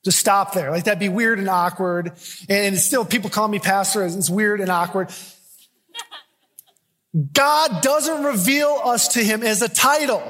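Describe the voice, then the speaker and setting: High-voiced preaching pastor in a hall. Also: male voice, a little slow. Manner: swings from loud emphatic preaching to quiet intimate storytelling. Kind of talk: sermon.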